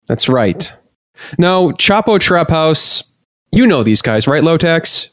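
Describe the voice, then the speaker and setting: A man's voice: fairly high pitch, very animated, slow, fairly bright tone, dry recording. Joking male podcast host, dry sound. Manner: jokey, reads news items aloud with many fillers. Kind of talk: casual comedy podcast chat.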